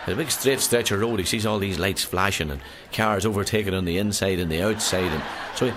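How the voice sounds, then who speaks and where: A man's voice: deep voice, fairly quick, noisy background. A man with an Irish accent telling a joke on stage as a stand-up comedian, chatty and storytelling.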